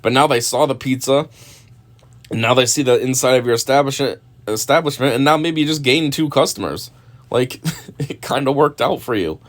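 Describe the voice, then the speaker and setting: A man talks through a scene in casual commentary. He rambles, chuckles often and fills his sentences with "like" and "um". His voice sits at an ordinary pitch. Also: moderate pace. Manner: rambling, chuckling, lots of fillers. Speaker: video commentator.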